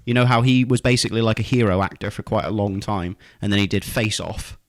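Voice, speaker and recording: A man's voice: lowish voice, quick pace, no room sound, studio quality. A man co-hosting a casual podcast debate, asking questions and hedging his opinions. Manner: questioning, hedging, restarts sentences. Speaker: podcast co-host.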